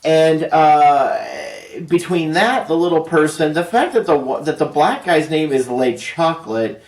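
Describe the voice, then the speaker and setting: Male reviewer, slightly high voice, loose rambling delivery, recorded at a distance in an echoey room. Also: measured pace, a little mellow. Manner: rambling, filler-heavy, frequent restarts. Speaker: film reviewer. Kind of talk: casual spoken movie review. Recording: roomy echo, distant from mic.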